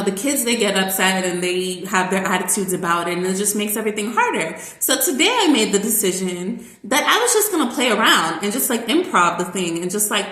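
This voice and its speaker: A woman who works as a teacher, talking in a casual, rambling vlog monologue full of fillers and lively asides. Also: mid-range voice. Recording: roomy echo.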